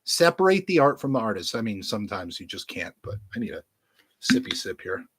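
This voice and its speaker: A man's voice: fairly low pitch, big pitch swings, a little fast, noisy background. A man casually showing off his vinyl records to camera, rambling and joking crudely as he talks straight to his viewers through a webcam. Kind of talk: casual unboxing chat to camera.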